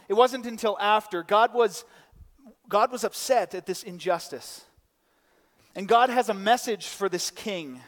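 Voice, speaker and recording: A man's voice: high voice, big-room sound. A man preaching a conversational sermon, often restarting and adding side notes. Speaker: pastor. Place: church.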